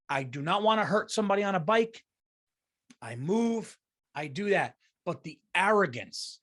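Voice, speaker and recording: A man's voice: high-pitched, a bit bright. A man hosting his own podcast, talking alone from his office in a heated, profane rant. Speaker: podcast host and comedian.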